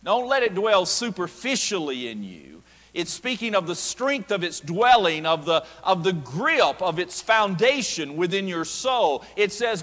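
A male pastor preaching a sermon, slowing down to stress quoted verses. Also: high voice, big pitch swings, fairly bright tone. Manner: emphatic preaching with slow stressed quotations. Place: church sanctuary. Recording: long reverb of a church hall.

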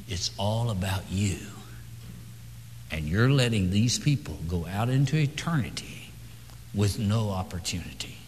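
A man preaching a sermon to a congregation, dropping to hushed whispers and then rising into impassioned, high pleading. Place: church sanctuary with audience. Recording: long hall reverb, faint hum.

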